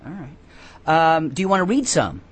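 Rambling deadpan radio host, man. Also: on the high side, slightly rough. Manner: halting, many restarts. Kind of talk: comic call-in radio chat.

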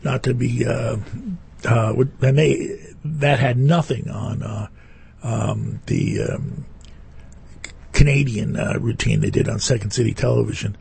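A man co-hosts a live radio show from the studio, and his voice is thick with gravel and rasp. He rambles playfully, trailing off into fillers and then restarting. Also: mid-range voice, fairly even intonation, a little slow, darkish tone. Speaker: radio co-host. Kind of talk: casual on-air chat.

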